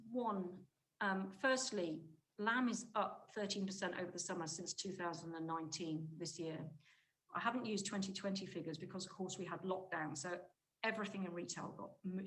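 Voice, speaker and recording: Woman giving a brisk conference talk. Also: fairly low pitch, fairly bright tone, low-quality recording. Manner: brisk, emphatic, restarts mid-phrase. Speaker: conference speaker, market insight director. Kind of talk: conference presentation.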